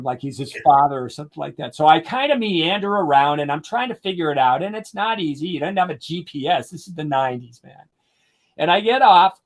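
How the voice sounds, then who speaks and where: An older man, a drum educator, telling casual stories in an animated way and acting out what his friends said. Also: on the high side. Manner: animated anecdotes, quotes friends in lively voices. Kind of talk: casual storytelling.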